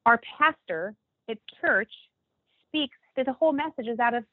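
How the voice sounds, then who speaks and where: A woman guest telling a faith story in casual talk, acting out the quoted lines with animated jumps in her voice. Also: normal speed, slightly rough, no echo. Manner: animated, acts out quoted dialogue with big pitch jumps. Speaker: podcast guest. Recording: dry, tinny phone-like line.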